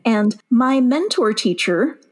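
A woman with a slightly high, husky voice tells a story in a relaxed chat. She is animated and breaks into laughter as she goes. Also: takes it slowly. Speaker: teacher and podcast co-host. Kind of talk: casual storytelling.

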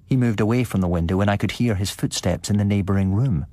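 A man narrating a ghost story on his podcast in a measured, suspenseful way. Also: on the low side, a little mellow, dry recording. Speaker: podcast host and story reader.

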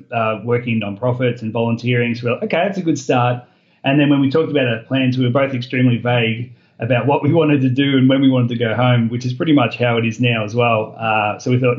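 Australian man, podcast guest, quick easygoing talk, dull lo-fi audio. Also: medium pitch. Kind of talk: casual interview chat.

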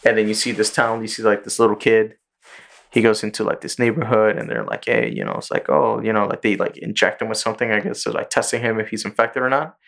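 Laid-back low-voiced podcast host. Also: male voice, fairly even intonation, fast talker, vocal fry, fairly bright tone. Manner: loose, profane retelling of a show's plot. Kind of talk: casual chat.

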